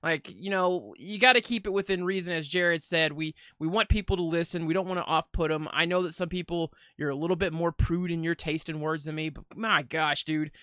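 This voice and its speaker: A man's voice: on the high side, steady tone, fairly quick, few pauses, pushed and bright, clear, resonant tone, no echo, clean studio sound. A man co-hosting a podcast, speaking frankly and offering his opinions. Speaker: podcast co-host. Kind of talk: casual chat.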